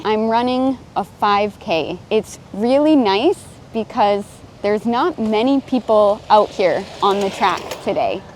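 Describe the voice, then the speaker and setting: High-voiced chatty young woman vlogging. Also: a little mellow, a little hiss or hum. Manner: chatty, laughs often, breathless while running. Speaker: English vlogger. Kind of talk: casual vlog narration.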